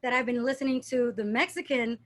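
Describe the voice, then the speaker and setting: Guest spot: high-pitched young woman, animated, chatty storyteller. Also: brisk. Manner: animated storyteller, mimics accents playfully. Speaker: dancer and interview guest. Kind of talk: casual interview chat.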